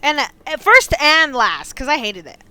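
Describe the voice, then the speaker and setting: Young american woman yapping on a podcast, bright voice, kinda high, laughs a lot. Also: moderate pace. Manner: animated storyteller, laughs often, says "like" and "dude". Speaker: podcast co-host. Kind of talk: casual chat.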